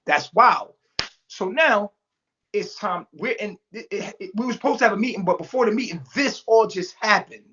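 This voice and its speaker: Animated man retelling a wild story. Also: normal speed, highs cut off. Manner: animated, acts out quotes with big pitch jumps, swears freely. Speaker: storyteller guest. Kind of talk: casual storytelling on a podcast. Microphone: remote call mic.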